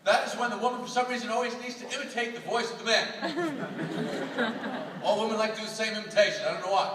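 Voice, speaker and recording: High-voiced comic in an echoey theatre. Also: male voice, steady tone, fast, background noise. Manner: exasperated, emphatic delivery. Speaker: stand-up comedian. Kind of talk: stand-up comedy routine. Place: large theatre stage. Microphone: audience recording from far back. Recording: echoey hall from far off, loud crowd laughter. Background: loud audience laughter.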